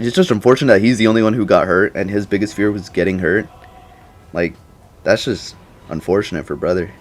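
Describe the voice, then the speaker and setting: A man's voice: fairly low pitch, darkish tone. A young man giving a casual, slangy movie reaction, rambling and laughing often. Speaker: YouTuber.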